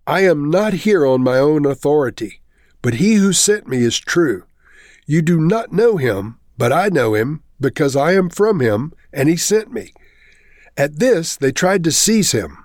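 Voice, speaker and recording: A man of middle pitch reads scripture aloud, then talks it through for his listeners like a teacher. The sound is dry and close, with no room echo. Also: a little mellow. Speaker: Bible teacher. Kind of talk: scripture reading and commentary.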